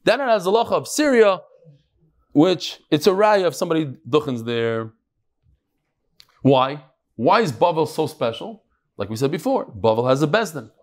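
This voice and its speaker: A man giving a live Talmud lecture to a study hall, lively and joking, freely mixing in Hebrew and Aramaic terms. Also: on the high side, normal speed, pauses often. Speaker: Talmud class teacher.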